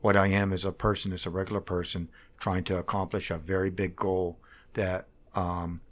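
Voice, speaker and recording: A middle-aged man talking about himself as a political candidate in a casual interview, halting and rambling with frequent restarts. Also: low-pitched, flat delivery.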